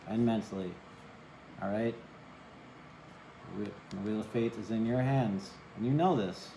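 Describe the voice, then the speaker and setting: A man's voice: mid-range voice, mellow, reverberant, a little hiss or hum, poor audio. A man giving a casual tarot reading to camera, chatty, often asking "right?" and apologizing for cursing. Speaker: tarot reader.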